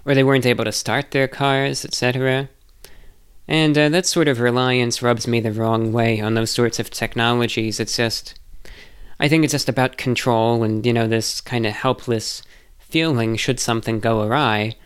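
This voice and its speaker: A man's voice: medium pitch, fairly even intonation, moderate pace, clear, resonant tone. A man answering viewer questions in a casual, rambling monologue, hesitant and self-reflective.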